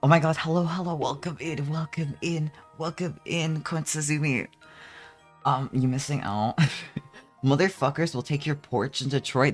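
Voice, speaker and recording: A man's voice: fairly high pitch, fairly even intonation, normal speed, soft background music. A young man, chatting casually on a live stream in a rambling, profane, jokey way. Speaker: vtuber streamer.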